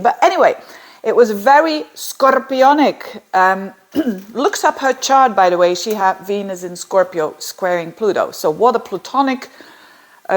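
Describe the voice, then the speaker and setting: Woman astrologer, informal explainer, wanders off on tangents, lots of ums and restarts. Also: medium pitch. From Belgium. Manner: chatty, digressive, with many fillers and restarts.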